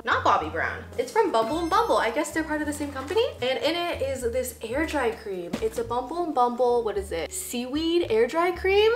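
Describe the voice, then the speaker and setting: A woman's voice: high voice, echoey room. A woman in her twenties, a YouTuber chatting casually through an unboxing vlog, bubbly and giggly with emotional asides. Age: 20s.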